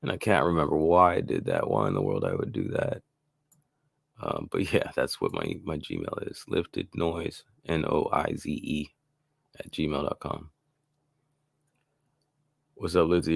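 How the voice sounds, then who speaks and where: A man's voice: very deep voice, creaky, no echo. A man hosting a casual live-stream beat-making tutorial, talking in a loose, rambling way with lots of fillers and restarts.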